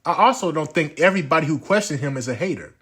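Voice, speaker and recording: Husky man giving measured commentary. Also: fairly high pitch, expressive, a bit bright. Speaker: channel host. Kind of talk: commentary to camera.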